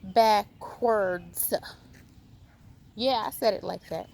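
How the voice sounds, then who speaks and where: A woman's voice: a little high, sing-song, moderate pace, breathy edge. A woman talking straight to the camera in an emphatic, scolding way, firing rhetorical questions at her viewers in a vlog. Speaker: video host. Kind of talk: animated lecturing vlog.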